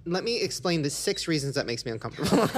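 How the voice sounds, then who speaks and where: A man's voice: on the high side, slight background noise. A man hosting a casual comedy talk show, joking and laughing often at himself. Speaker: show host.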